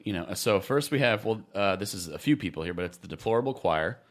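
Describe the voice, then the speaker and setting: A man hosting a casual comedy podcast, talking sarcastically and haltingly with many fillers. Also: low-pitched, animated. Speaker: podcast host.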